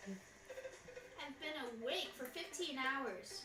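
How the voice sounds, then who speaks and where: A woman's voice: high voice, animated, very slow, echoey room, over music. A woman with a Southern US accent who hosts a stream, rambling in casual chat. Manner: rambling, lots of "like" fillers.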